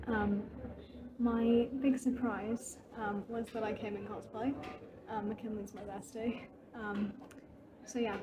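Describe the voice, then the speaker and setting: A young woman, chatting casually and laughing at herself while vlogging a trip on her phone. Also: mid-range voice. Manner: chatty, giggly, self-deprecating. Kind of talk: casual travel vlog. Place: train, busy streets and hotel room. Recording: noisy street and train background.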